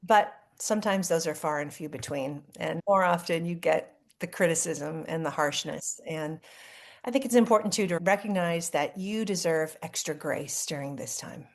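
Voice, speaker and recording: A woman author talking as a podcast guest, telling candid stories in a warm way. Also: low-pitched, normal speed. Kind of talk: interview conversation.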